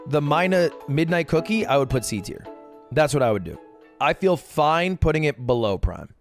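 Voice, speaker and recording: A man streaming casual commentary in a slightly high voice that swings up and down a lot. He jokes, swears freely and stays animated, with faint music playing underneath. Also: moderate pace. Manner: animated, joking, profane. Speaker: streamer ranking products.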